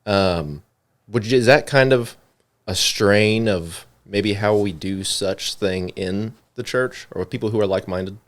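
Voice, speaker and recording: A man's voice: lowish voice, measured pace. A young man co-hosting a church podcast, chatting casually with lots of fillers and putting questions to his co-host. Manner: conversational, many fillers, asks questions.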